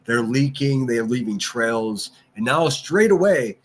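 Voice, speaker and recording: A man's voice: medium pitch, expressive, measured pace, slight background noise. A man hosting a livestream, ranting and mocking in casual commentary and answering his chat. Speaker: livestream host.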